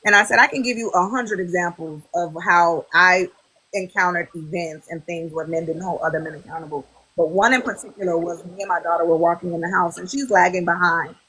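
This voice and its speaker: A woman's voice: on the low side, brisk, husky, poor audio. A woman in her thirties chatting as a podcast guest, telling stories and acting out quoted voices. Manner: animated storyteller, quoting others in lively voices. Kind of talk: casual podcast chat.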